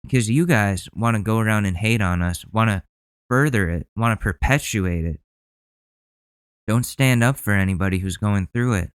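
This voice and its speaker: Heated male podcast host, smooth voice. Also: fairly low pitch, normal speed, dry recording. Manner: heated, profane ranting. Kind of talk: podcast commentary.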